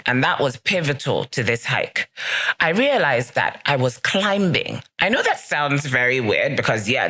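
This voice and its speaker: Her voice rumbles low, bright and forceful, as this woman runs her own motivational podcast. Earnest and emphatic, she keeps circling back to key phrases to encourage whoever's listening.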